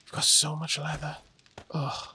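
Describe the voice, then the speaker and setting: A man's voice: on the high side, completely flat delivery, a little slow, bright, forceful tone, a little hiss or hum. Dry-humored man chatting over gameplay. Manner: dry sarcastic humor, hesitant with ums. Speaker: let's play host. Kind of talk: casual co-op gameplay chat.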